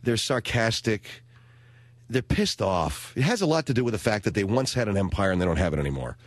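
A middle-aged American man hosting a talk radio show, telling stories in a wry, animated way. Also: fairly low pitch, a little fast, dry recording. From United States.

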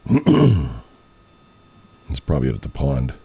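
A man hosting a radio show, chatting casually off air in a rambling, profane way with frequent throat-clearing. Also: rumbling low, huge pitch swings, slow pace, muffled recording, a little hiss or hum.

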